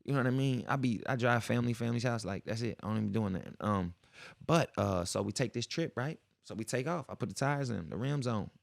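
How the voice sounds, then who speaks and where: Talking fast in a medium-pitched, gravelly voice, a young podcast host spins a lengthy tale full of casual slang. He's animated and performs the quoted voices himself, and the recording is dry.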